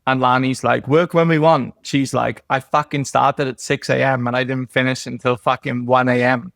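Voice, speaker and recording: A man's voice: medium pitch, monotone, moderate pace, creaky, a bit bright, no room sound, clean studio sound. An Australian man, a business owner and podcast guest, talking bluntly and candidly with heavy swearing, often quoting other people. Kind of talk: casual podcast chat.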